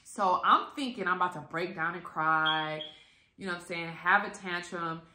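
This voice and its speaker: A woman telling a story to her viewers in a casual, animated and profane way, acting out the quotes. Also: lowish voice, normal speed. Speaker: vlogger. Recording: echoey room.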